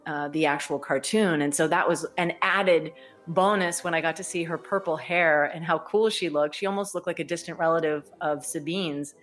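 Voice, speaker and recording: A woman voice actor chatting enthusiastically as a podcast guest, laughing often. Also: deep voice. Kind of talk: casual podcast interview.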